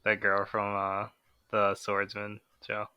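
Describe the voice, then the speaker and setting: A man's voice: on the low side, monotone, slow, clear, resonant tone, no room sound, muffled recording. A man co-hosting a casual manga chat, laid-back and given to short remarks. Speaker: podcast co-host.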